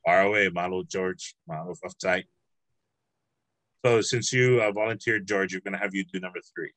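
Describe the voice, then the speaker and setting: A man's voice: low-pitched, fairly even intonation, moderate pace, fairly bright tone, dry recording, low-quality recording. A man teaching a language class over a video call, patient and encouraging, drawing out words as he explains.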